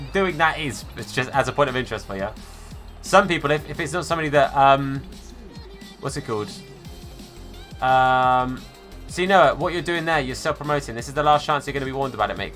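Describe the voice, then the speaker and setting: A man's voice: medium pitch, fairly quick, a bit bright, soft background music. A man live-streaming a football game, chatting casually and answering viewers by name, calling them mate and fella.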